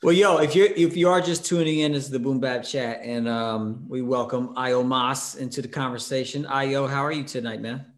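A man hosting a casual online hip-hop chat, speaking in a measured, agreeable way with hesitant fillers. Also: mid-range voice, fairly even intonation. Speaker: podcast host.

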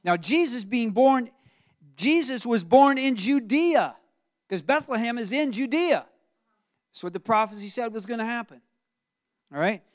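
Man, pastor, sermon, animated storytelling, high voice. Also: a little slow, pauses often, no room sound, clean studio sound. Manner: animated preaching, acts out Joseph's voice, asks the room questions.

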